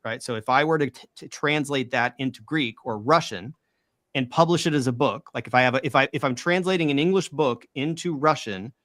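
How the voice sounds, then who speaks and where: A man talks through his point in an earnest, explanatory way, working through examples as he goes. His voice sits at an ordinary middle pitch. The sound is close and dry, with no room around it. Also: fairly bright tone, no echo. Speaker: guest who reads ancient languages. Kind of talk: casual discussion.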